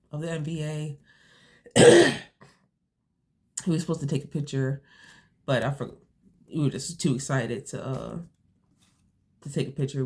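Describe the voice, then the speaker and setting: Flat, mellow-voiced young woman vlogger. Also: extremely low pitch. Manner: rambling, heavy on fillers and restarts. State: sniffly from allergies. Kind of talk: casual storytelling to camera.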